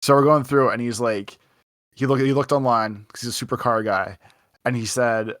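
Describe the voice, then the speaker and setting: A man's voice: mid-range voice, fairly quick, fairly bright tone, dry recording, clean studio sound. A young man co-hosting a podcast, telling a rambling anecdote full of "like" and acted-out quotes in a casual chat. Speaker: podcast co-host.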